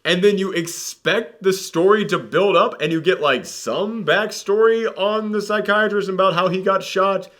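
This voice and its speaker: A man hosting a casual film review podcast, talking in an animated, sarcastic and mock-dramatic way. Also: high voice, moderate pace, hardly any pauses.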